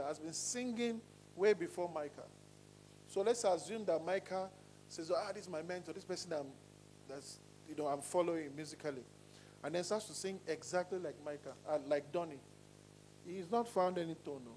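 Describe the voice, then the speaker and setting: A man leads a singing lesson, speaking in a fairly high voice. He swings between loud and quiet to demonstrate ideas and keeps checking that the class is following. A faint hum sits under the recording. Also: poor audio. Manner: animated, demonstrating voices with sudden pitch swings. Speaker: singing coach.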